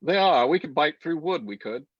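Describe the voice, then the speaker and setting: A man's voice: fairly high pitch, lively intonation, moderate pace, dry recording, dull audio. A man co-hosting a casual chat show over a video call, rambling and laughing often. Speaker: co-host.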